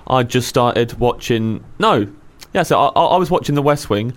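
A man's voice: medium pitch, lively intonation, normal speed. Een Britse man die in een ontspannen gesprek plagend en bot praat en vrijuit vloekt. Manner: teasing, blunt, swears freely. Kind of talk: casual chat.

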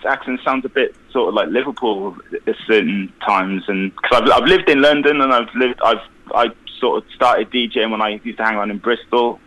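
Man, phone-in caller, easygoing, bright tone, over the phone. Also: medium pitch, moderate pace, hardly any pauses, low-quality recording. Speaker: caller, listener and DJ. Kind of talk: phone-in chat. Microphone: phone call.

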